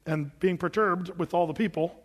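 Male pastor, high voice, sermon in a church with long reverb, dramatic retelling. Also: steady tone, normal speed. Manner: rhetorical questions and dramatized retellings.

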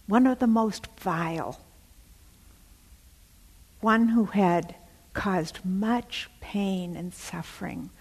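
A woman's voice: medium pitch, a little mellow, breathy edge, long reverb tail. A woman telling a story in a sermon, dramatic, often dropping to a near whisper. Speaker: preacher.

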